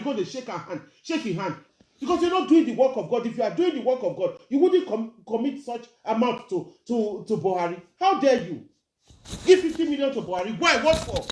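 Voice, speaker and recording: Woman, Nigerian accent, angry vlog rant, rhetorical questions, lively swooping pitch, rather high voice. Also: normal speed, roomy sound. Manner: indignant, rhetorical questions, mixes Pidgin and English. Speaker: social media commentator.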